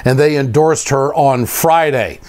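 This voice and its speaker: A man's voice: mid-range voice, unhurried, darkish tone. A man hosting a news commentary show, conversational and punchy. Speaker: talk show host.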